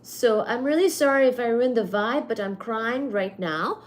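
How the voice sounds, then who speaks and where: Hosting a casual livestream from home, a woman reads viewer comments aloud and thanks everyone effusively, filling her speech with fillers. Her voice is fairly high and her pace normal.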